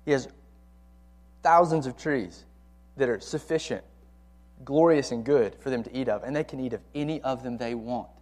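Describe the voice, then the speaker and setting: A man's voice: medium pitch, moderate pace, pauses often, darkish tone. A man teaching a Bible lesson to a college ministry, speaking conversationally and repeating key words for emphasis.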